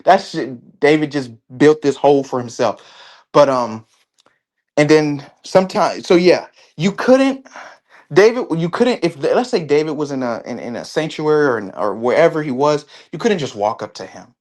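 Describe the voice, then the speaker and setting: A man speaking as an interview guest in casual conversation, halting often and restarting his sentences. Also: on the high side, expressive, a little mellow. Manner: halting, with many restarts and fillers.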